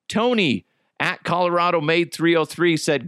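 A man's voice: fairly high pitch, moderate pace, fairly bright tone, clear, resonant tone, dry recording, clean studio sound. An American man hosting a podcast, chatting in a casual, jokey and profane rant. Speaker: podcast host.

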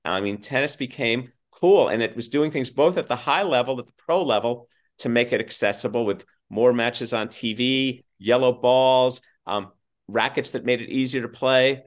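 An older man speaks as a guest journalist in a casual interview, spinning anecdotes with animated energy. His pitch sits in a mid range, and he often restarts his sentences mid-thought. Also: normal speed. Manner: animated storyteller with frequent restarts.

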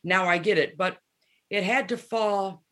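In a casual interview, a guest musician in her seventies tells stories with real animation, voicing the dialogue herself. Her mid-range voice keeps a measured pace.

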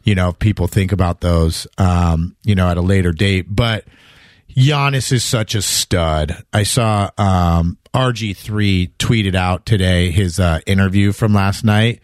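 A man co-hosting a casual sports betting podcast, chatty and quick to act out quotes in a raised voice. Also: low-pitched, no room sound, clean studio sound. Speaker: podcast co-host.

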